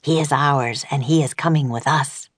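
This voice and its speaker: A woman reading an audiobook voices a stern, commanding girl from a dark magic world. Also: low-pitched, normal speed, husky, dry recording. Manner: cold, commanding.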